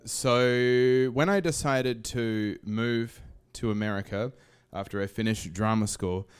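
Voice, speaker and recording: Young Aussie man, stand-up storyteller, dry close sound, animated. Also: medium pitch, takes it slowly, clear, resonant tone, no echo. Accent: Australian. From Australia. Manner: comic, animated storytelling with voices. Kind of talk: live stage storytelling. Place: stage in a small venue.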